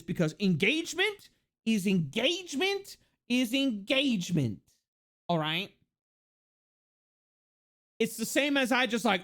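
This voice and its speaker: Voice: mid-range voice, measured pace. A live-streamer from the United States ranting casually to chat, rambling and swearing freely. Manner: rambling, profane, lively. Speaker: livestreamer.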